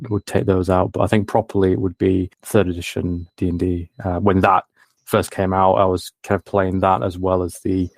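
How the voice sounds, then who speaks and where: A man with a very low voice answers interview questions about his work. He talks modestly and hesitantly, hunting for words, and the recording sounds dry and close. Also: little pitch movement, moderate pace, vocal fry, no echo. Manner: hesitant, lots of fillers and restarts, modest. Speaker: guest, game designer.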